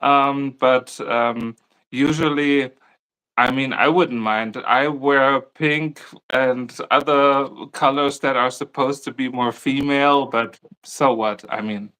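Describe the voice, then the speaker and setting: Bright-voiced man chatting casually. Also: medium pitch, fairly even intonation, takes it slowly, clear, resonant tone, poor audio. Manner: light, laughs often, thoughtful asides. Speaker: co-host of a crochet livestream. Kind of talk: casual live chat.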